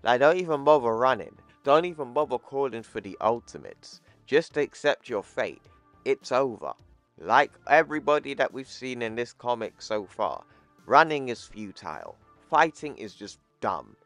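A man casually recapping a comic book, with excitable, profane commentary. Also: medium pitch, moderate pace, faint music behind.

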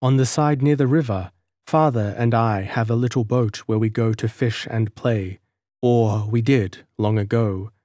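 A man gives a lightly raised voice to a gentle young village girl from a storybook, shunned and sorrowful, who speaks softly and earnestly. The recording is dry and close, with no room sound. Her wistful lines move along at a middling pitch. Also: fairly even intonation, measured pace, dry recording, natural voice. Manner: soft, earnest and wistful delivery. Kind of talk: audiobook character reading.

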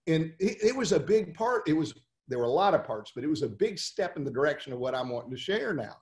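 A man coaching lawyers in a webinar talk, telling stories and firing off rhetorical questions in an animated way. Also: a little high, fast talker, roomy sound.

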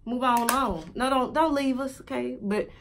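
A woman's voice: high-pitched, normal speed, fairly bright tone, slight background noise. A woman chatting casually and joking straight to viewers while reviewing a wig for her vlog.

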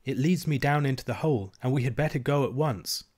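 A man's voice: medium pitch, a little fast, darkish tone, slightly rough, natural voice. A man reading aloud and voicing a young princess girl who is earnest and insistent, speaking with a raised, eager voice.

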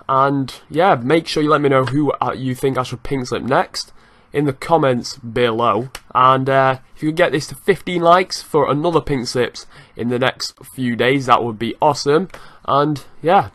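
A young man giving lively, excitable commentary over his own football video game match, swearing now and then and breaking into laughter. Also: mid-range voice. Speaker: gaming youtuber. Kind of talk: live gameplay commentary.

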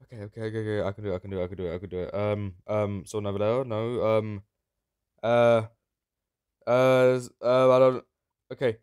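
A man with a fairly low voice commenting on a game as he plays, excitable and sarcastic, prone to sudden yelps. The sound is dry and close, with no room around it. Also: brisk, smooth, no room sound. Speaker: Minecraft YouTuber. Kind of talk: gameplay commentary.

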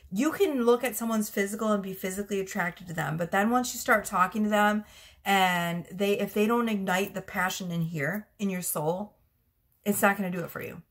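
A woman's voice: mid-range voice, bright, forceful tone, slight background noise. A woman giving a casual tarot reading to camera, chatty and frank, often laughing. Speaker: tarot reader.

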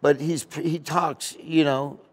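A man, a comedian being interviewed, telling casual rambling anecdotes in an animated way. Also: on the high side, takes it slowly, breathy edge. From United States. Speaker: comedian guest.

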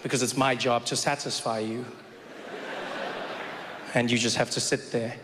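A man's voice: medium pitch, flat delivery, moderate pace. A man performing a stand-up comedy set on a theater stage with a wry, conversational delivery. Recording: echoey hall with loud crowd. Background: audience noise and laughter.

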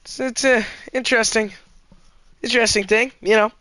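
A man streaming a game, chatting casually with his viewers and chat, excitable and swearing in bursts of exclamations. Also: extremely high pitch, normal speed. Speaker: gaming streamer.

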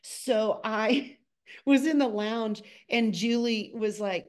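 A middle-aged woman, a choreographer, telling lively stories in a casual podcast chat, sometimes speeding up in bursts. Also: slow pace. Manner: animated, acts out quotes with a high excited voice.

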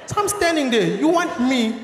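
A South African man doing live stand-up comedy on a large theatre stage, animated and shouting his punchlines. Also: very high-pitched, normal speed, slight background noise. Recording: echoey theatre hall with audience laughter.

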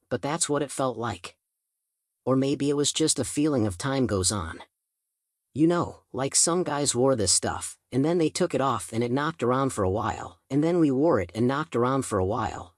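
A man's voice: medium pitch, lively intonation, normal speed, no echo. Male audiobook narrator, casual chatty first-person telling, mid-range voice, dry close sound. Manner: casual teen-style storytelling.

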